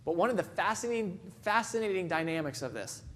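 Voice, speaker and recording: A man's voice: high voice, expressive, fast talker, a little hiss or hum. A man giving a motivational keynote talk in a conversational, self-deprecating way, telling personal stories. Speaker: motivational speaker.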